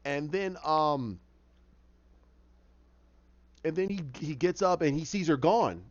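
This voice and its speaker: Lively rambling male storyteller. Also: slow, no room sound. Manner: rambling, with fillers and lively pitch. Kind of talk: casual storytelling. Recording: dull lo-fi dry recording.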